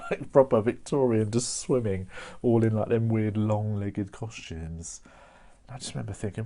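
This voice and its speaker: A man's voice: mid-range voice, normal speed, dark tone. A young man telling a stand-up story to a camera with no audience, chatty and laughing often. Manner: chatty, laughs often, slips in mate and innit. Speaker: stand-up comedian. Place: home, performing to a camera online.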